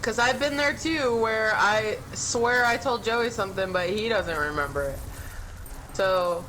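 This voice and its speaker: A woman's voice: mid-range voice, measured pace, fairly bright tone, a little hiss or hum, poor audio. A woman playing alongside a streamer, chatting casually and teasing him. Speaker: co-player on stream. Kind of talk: casual chat while gaming.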